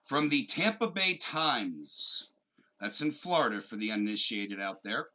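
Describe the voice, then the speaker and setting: A man co-hosting a podcast, animated and joking, swearing freely and dropping jokey asides. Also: mid-range voice, unhurried, poor audio. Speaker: podcast co-host. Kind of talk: casual chat and mock news reading.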